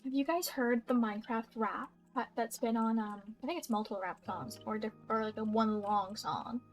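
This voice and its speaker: Young woman streamer, slightly high voice, rambling and bubbly, soft game music underneath. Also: moderate pace. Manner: chatty and bubbly, giggles and trails off. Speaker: gaming YouTuber. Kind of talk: casual gameplay commentary. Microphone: desk mic with audible keyboard.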